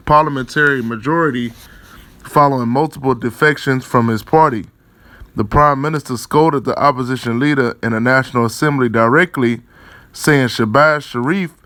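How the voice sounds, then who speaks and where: A man riffs on news articles through a religious lens, rambling and cursing freely. His voice sits mid-pitched and sounds dry and close, with no room around it. He keeps looping back on fillers and checks in with tag questions, chuckling between thoughts. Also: fairly bright tone, dry recording. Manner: chuckles often while talking. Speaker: religious commentator.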